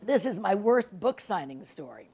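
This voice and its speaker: This is a woman, talking to a library audience. She tells stories in a chatty, self-mocking way and laughs easily. Her voice sits at a middle pitch. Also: sing-song, normal speed, vocal fry, a little mellow, breathy edge. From South Carolina. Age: 60s. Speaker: author. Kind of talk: humorous storytelling talk to an audience. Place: public library event.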